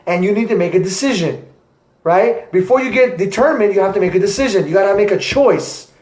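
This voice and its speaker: A young man, an entrepreneur, giving an energetic motivational talk to camera with repetitive, punchy phrasing. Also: high-pitched, brisk. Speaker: entrepreneur vlogger. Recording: echoey room.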